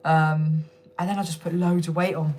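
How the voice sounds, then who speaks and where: This livestream host is a young British woman broadcasting casually from home on her phone. Her low, darkish voice keeps a level tone at normal speed while she talks with viewers, laughing often and cursing freely.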